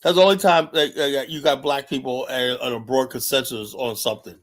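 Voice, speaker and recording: A livestream host delivers a heated political monologue in a medium-pitched, slightly bright voice, talking fairly quickly with fairly even intonation. Combative and profane, he repeats phrases a lot and challenges his viewers directly.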